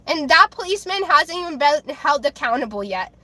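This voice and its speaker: A woman livestreaming, ranting angrily to her chat, with halting restarts and repeated words. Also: sits high, big pitch swings, bright, forceful tone. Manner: angry, heated ranting with swearing.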